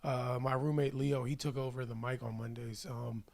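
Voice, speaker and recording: A man in his thirties with a raspy voice, chatting casually as a podcast guest and stand-up comic, laid-back and loose. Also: medium pitch, level tone, normal speed, a little mellow, dry recording. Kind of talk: casual chat. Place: podcast studio.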